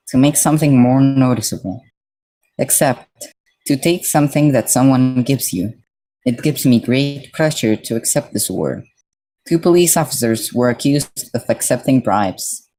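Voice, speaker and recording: A man's voice: medium pitch, mellow, poor audio. A man from Mexico streaming live, reading dictionary definitions aloud and breaking off to chat casually with his viewers.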